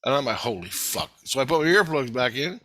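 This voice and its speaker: A man telling a rambling, profane story in casual vlog style, getting excited as he goes. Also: medium pitch, fast talker. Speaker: vlogger.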